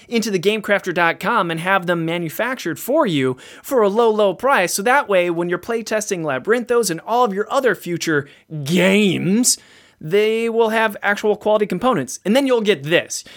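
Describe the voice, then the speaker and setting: A man's voice: high-pitched, fairly bright tone. A man hosting a podcast in casual, sarcastic chat, teasing his co-host.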